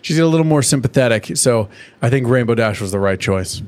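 A man in an easygoing podcast chat, middle-pitched and loose, with swearing sprinkled through. He jumps into high, squeaky voices when he acts out the characters he is recapping. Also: lively intonation, fairly quick. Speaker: podcast co-host. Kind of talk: casual chat.

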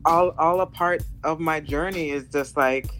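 A guest musician in a casual interview, speaking haltingly with many fillers and restarts over a remote call. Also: mid-range voice, fairly bright tone, soft background music.

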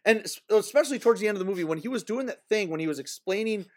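Man, casual film review co-host, agreeable, high pitch, very animated intonation. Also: racing. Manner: agreeable, chimes in with short yeahs, puts on impressions. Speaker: podcast co-host.

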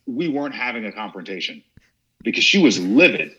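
A man on a podcast as a guest, telling a comic story in an animated way. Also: medium pitch, a little fast, breathy edge. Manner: animated, laughs as he tells it. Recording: dull lo-fi audio.

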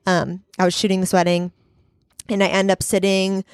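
A woman's voice: mid-range voice, flat delivery, moderate pace, clear, resonant tone, dry recording, studio quality. A young woman hosting a casual faith chat, telling earnest, rambling stories. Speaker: podcast host.

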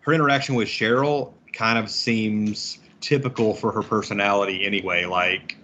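A man's voice: on the low side, steady tone, normal speed, pushed and bright, highs cut off, a little hiss or hum. A man in a casual podcast chat, talking loosely and laughing often as he speaks. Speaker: podcast panelist.

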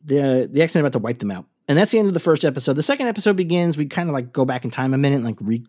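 A man of middle pitch chatting casually on a podcast, rambling through a cartoon recap with plenty of "uh" and "like". He swears offhandedly and keeps the talk loose and conversational. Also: big pitch swings, racing, darkish tone. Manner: rambling, profane recap with frequent fillers. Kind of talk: casual chat.

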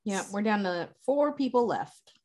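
A woman's voice: mid-range voice, lively intonation, a little slow, warm tone. Female co-host, casual chat, brief interjections. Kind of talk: casual movie recap chat.

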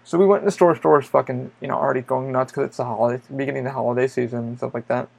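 A man's voice: medium pitch, steady tone, very fast, creaky, darkish tone. A man hosting a podcast, telling a story in a loose, rambling way, with lots of swearing and filler words. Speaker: podcast host. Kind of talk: casual storytelling monologue.

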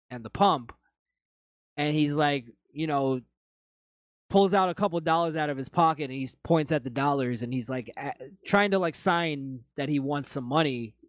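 A man's voice: on the high side, dry recording, studio quality. A man hosting a podcast, reading chat comments and telling rambling stories in a blunt, profane, casual way. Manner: blunt, swears freely, rambling anecdotes.

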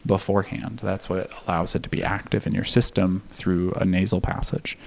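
A man with a somewhat low voice and a gravelly, fry-edged texture tells a personal story in a relaxed, candid way. He laughs now and then and swears freely as he talks. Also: moderate pace, a little hiss or hum. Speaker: podcast guest. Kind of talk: casual storytelling.

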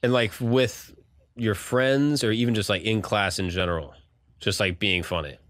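A man's voice: on the low side, moderate pace, a bit bright, dry recording. A man hosting a casual interview, asking curious questions and laughing along with his guest. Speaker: podcast host.

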